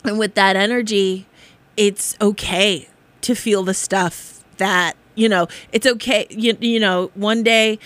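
A woman talks slowly and loosely, coaching her listeners through a spiritual pep talk. She rambles, restarts and laughs often, keeping it encouraging. Her voice is close and dry, with no room sound. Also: medium pitch, fairly even intonation, a bit bright, dry recording. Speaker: spiritual podcast host.

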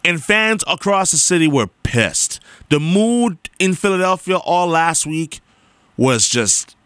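A man's voice: high voice, a little slow, dry recording. A young man talking straight to listeners in an emphatic, repetitive monologue, like a radio host. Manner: emphatic, repetitive, animated storytelling.

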